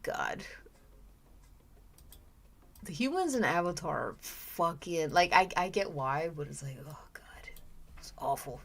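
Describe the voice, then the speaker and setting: A woman's voice: low voice, very animated, unhurried, gravelly, long pauses. A woman streamer chatting casually with viewers while she draws, giggling often and trailing off into restarts mid-thought. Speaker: streamer drawing live. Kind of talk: casual livestream chat while drawing. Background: faint background music.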